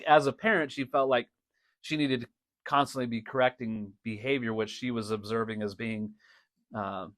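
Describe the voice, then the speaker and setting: Middle-aged guy chatting on his podcast, lively storytelling, lots of laughs, dry close mic. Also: medium pitch, dry recording. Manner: animated storyteller, laughs often, many restarts. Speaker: podcast host and drum teacher. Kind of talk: casual storytelling monologue.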